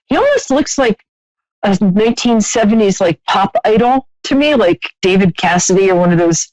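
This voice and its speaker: A woman's voice: mid-range voice, very animated, normal speed, darkish tone, dry recording, poor audio. A woman hosting a live psychic radio call-in, chatty and laughing often, with many restarts.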